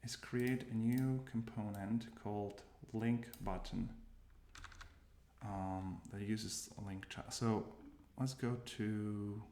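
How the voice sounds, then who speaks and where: With a warm, lowish voice and fairly even intonation, a developer slowly walks through his coding workflow. His commentary is casual and thought-out-loud, full of stops and corrections. The recording is roomy and carries noticeable noise, plus sounds of typing and clicking.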